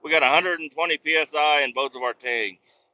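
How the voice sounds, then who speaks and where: A man's voice: on the high side, a little fast, pushed and bright, highs cut off. A man hosting his own podcast, rambling casually and profanely from inside a work truck, often breaking off mid-thought. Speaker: podcast host.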